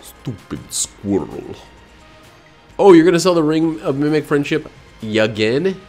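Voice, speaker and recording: A man casually commenting while he streams a video game, rambling, joking and breaking into excited outbursts. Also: a little high, moderate pace, soft background music. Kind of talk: casual let's-play commentary.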